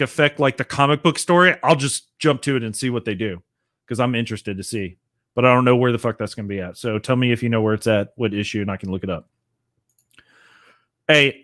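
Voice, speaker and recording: A man's voice: mid-range voice, fairly bright tone. Profane, rambling man hosting a rant. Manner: profane, rambling, filler-heavy. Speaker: podcast host. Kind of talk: casual rant.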